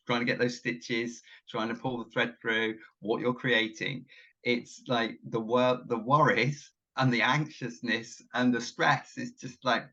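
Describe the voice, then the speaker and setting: A man co-hosts a casual craft tutorial and muses thoughtfully about stitching. His voice is bright and crisp at a middle pitch, and the recording sounds slightly dull and lo-fi. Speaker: co-host of a sewing channel.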